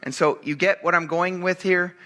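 Animated, chatty male pastor preaching. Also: high voice, normal speed. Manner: animated, acts out quotes in raised voice; casual, chatty, asks congregation "right?". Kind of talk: sermon.

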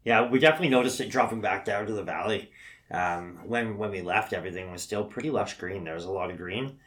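A firefighter chats easily on a podcast, stopping and restarting with plenty of ums. His voice sits very low. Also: a bit bright. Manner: easygoing, halting with fillers. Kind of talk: casual chat.

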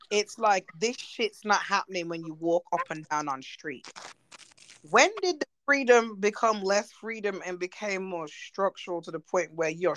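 Woman, podcast co-host, blunt, swears a lot, low-pitched, dry sound. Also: dry recording, poor audio. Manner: blunt, animated, swears freely. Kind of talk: casual chat.

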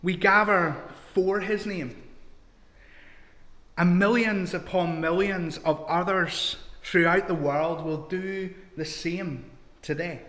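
A man preaches in a church, slow and unhurried, often turning to his congregation with questions. His voice sits a little high. A long reverb trails each phrase through the hall. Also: steady tone, fairly bright tone. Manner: conversational, asks the congregation questions. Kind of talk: sermon.

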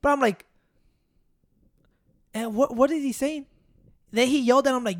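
A man's voice: extremely high pitch, normal speed, no echo, clean studio sound. A man telling a story in casual chat, rambling and swearing with street slang.

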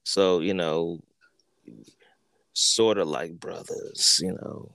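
A man tells a rambling story on his podcast, swearing freely and slipping into the voices of the people in it. His voice is smooth and clear, and the recording is dry and close. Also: sits low, slow, dry recording. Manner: animated, profane, acts out quotes. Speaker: podcast host. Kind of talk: casual storytelling.

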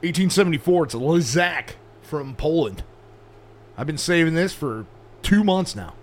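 A man's voice: a little high, lively intonation, normal speed. A man co-hosting a podcast, chatting casually, crude and joking, swearing a lot. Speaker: podcast co-host. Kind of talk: casual chat.

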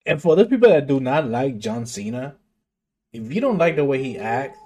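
A man's voice: mid-range voice, big pitch swings, normal speed, dark tone. Enthusiastic slangy male podcast co-host. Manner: enthusiastic, slangy, repeats words. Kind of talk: casual chat.

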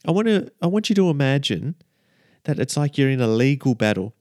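A man preaching a lively, emphatic sermon as a minister, often checking in with the listeners. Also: mid-range voice, a little fast, dry recording, studio quality.

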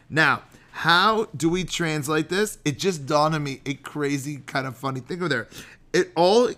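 A man's voice: fairly high pitch, pushed and bright. A middle-aged man hosting a podcast as a rabbi, talking in a chatty, jokey, digressive way and sometimes chanting Hebrew prayer lines. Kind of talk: animated podcast sermon.

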